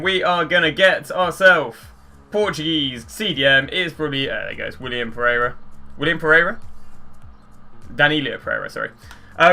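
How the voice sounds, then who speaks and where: A young man chatting casually through pack openings, rambling and getting excitable at big pulls. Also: mid-range voice. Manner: excitable, chatty, rambling, gets loud at walkouts. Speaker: gaming YouTuber.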